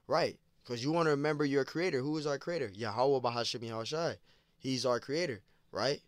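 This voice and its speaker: A man's voice: medium pitch, normal speed, no echo. Casual man preaching, dry close sound. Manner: casual, repetitive, peppered with "man" and "you know". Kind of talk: informal scripture teaching.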